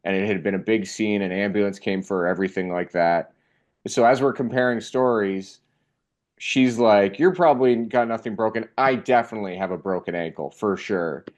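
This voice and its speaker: A young man telling a funny personal story in a casual, animated way, acting out the voices of the people in it. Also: low voice, moderate pace. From Canada.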